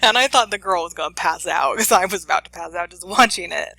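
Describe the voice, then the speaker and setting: A professor giving a lecture, telling a case story with lively acted-out quotes. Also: mid-range voice, fairly quick, creaky, dry recording, rough recording. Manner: animated storytelling, acting out the people in the story.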